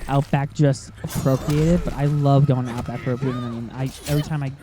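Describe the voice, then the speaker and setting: A man's voice: medium pitch, flat delivery, fast talker. A man commentating casually over a video game he plays, rambling through tangents with many fillers and frequent laughs. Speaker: gaming commentator. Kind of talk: casual let's play commentary. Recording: faint game music behind.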